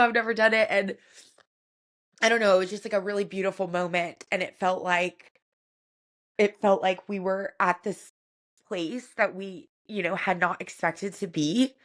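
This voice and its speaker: A woman co-hosting a podcast, telling a personal family story in a soft, reflective way with many casual fillers. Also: mid-range voice. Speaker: podcast co-host.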